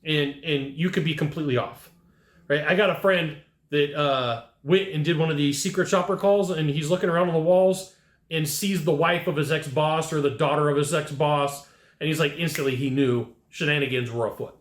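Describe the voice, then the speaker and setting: A man delivering sales coaching in short, blunt, punchy bursts. His voice sits a little high for a man. It rings in a noticeably echoey room. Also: normal speed. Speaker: sales trainer. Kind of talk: direct-to-camera sales coaching.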